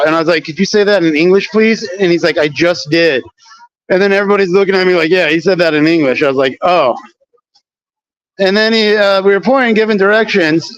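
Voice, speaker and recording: Dude rambling a sweary story while walking around outside, high-ish voice, muffled lo-fi audio. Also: male voice. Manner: rambling, profane, slangy retelling with many fillers. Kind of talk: casual storytelling vlog walking outdoors. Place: outdoors on city streets near a train station.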